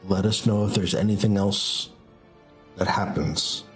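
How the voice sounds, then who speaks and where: A gruff town guard, as the game master plays him, raising his voice to break up a crowd. He speaks in a low, forceful tone with a faint wash of music behind. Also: measured pace, lightly acted. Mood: commanding.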